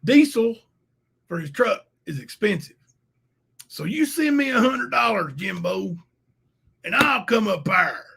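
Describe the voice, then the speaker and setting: Man doing a shrill, cowardly rival in a mocking imitation, gravelly and high. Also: animated, unhurried, pauses often, bright, forceful tone, heavily acted. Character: mocked male rival, cowardly and whiny.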